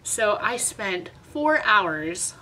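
A woman's voice: medium pitch, big pitch swings, very slow, sharp tone, a little hiss or hum, low-quality recording. A young woman vlogger telling a story in a chatty, dramatic, self-mocking way. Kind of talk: casual storytime vlog.

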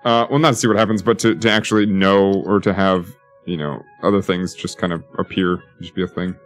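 A lower-pitched man chats loosely over a city-building game, muttering to himself and cracking jokes as he plans roads and services. Faint music plays under his voice. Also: steady tone, a little fast. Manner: rambling, joking, talks to himself while building. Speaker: gaming YouTuber. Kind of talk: casual let's-play commentary.

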